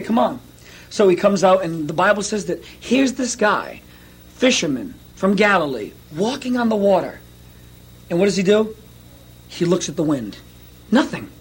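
A male pastor preaching a sermon, telling stories in an animated way and acting out quotes with laughs. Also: sits high, husky.

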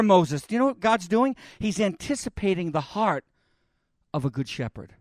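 Preacher, male, high and very lively delivery, dramatic retelling, dry recording. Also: normal speed, no echo. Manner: dramatic, voices God and Moses in the retelling. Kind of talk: sermon.

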